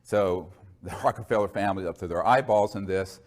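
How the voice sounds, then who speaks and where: A man's voice: sits low, a little fast. A man telling a long personal story in a rambling, digressive way, full of asides and fillers. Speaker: speaker recounting experiences. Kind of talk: conversational storytelling monologue.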